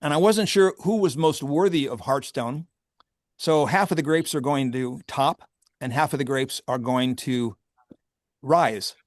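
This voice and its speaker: A man's voice: mid-range voice, a little slow, no echo, clean studio sound. A man who owns a vineyard, talking candidly and with wry humor in a casual interview, often laughing. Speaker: vineyard owner and grape grower.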